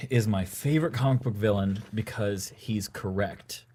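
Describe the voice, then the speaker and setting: A man's voice: lowish voice, normal speed, warm tone, husky. A man hosting a casual podcast chat, enthusiastic, stumbling and restarting as he talks. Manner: enthusiastic, fills with restarts and stammers. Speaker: podcast host.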